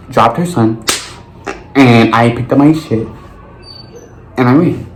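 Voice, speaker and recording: A young man tells a story to camera in an animated, profane way, full of slang. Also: medium pitch. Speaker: vlogger. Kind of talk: storytime monologue. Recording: roomy with faint noise.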